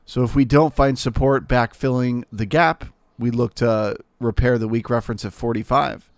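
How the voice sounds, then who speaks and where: A man's voice: mid-range voice, fairly even intonation, normal speed, clear, resonant tone, dry recording. Nasal man giving live market commentary. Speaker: trading room host.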